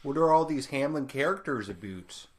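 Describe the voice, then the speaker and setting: A man's voice: mid-range voice, lively intonation, normal speed. A man chats casually in a mid-range voice. He jokes, swears lightly and drifts from one topic to the next. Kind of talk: casual chat.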